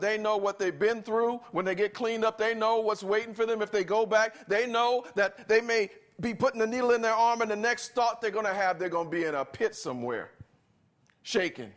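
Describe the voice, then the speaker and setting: A man preaching a sermon in church, with a somewhat high voice for a man. He talks emphatically, drawing answers from the congregation and hammering his point home through repetition. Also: a bit bright. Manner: emphatic, asks the congregation to answer and repeats key phrases.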